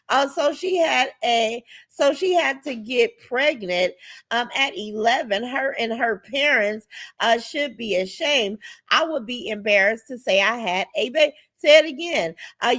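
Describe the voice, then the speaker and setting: Woman, high voice, livestream host, blunt, profane, chatty. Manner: blunt and profane, warm to viewers. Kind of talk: casual livestream chat reading comments.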